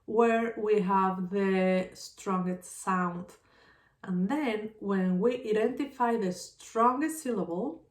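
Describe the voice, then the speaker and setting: A woman teaching a lesson patiently, repeating example words slowly and clearly. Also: medium pitch, echoey room, distant mic. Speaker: Spanish teacher. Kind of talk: slow explanatory lesson.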